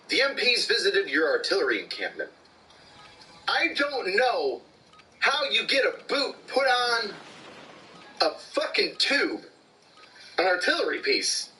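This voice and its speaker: A man casually commenting on military memes, profane and excitable, getting loud when he is worked up. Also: sits high, normal speed, recorded from a distance, poor audio. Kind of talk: casual meme commentary with sponsor read.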